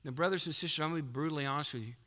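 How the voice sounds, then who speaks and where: A man's voice: a little high, rapid-fire, bright, forceful tone. A man, preaching a folksy sermon as pastor of his church. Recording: long hall reverb.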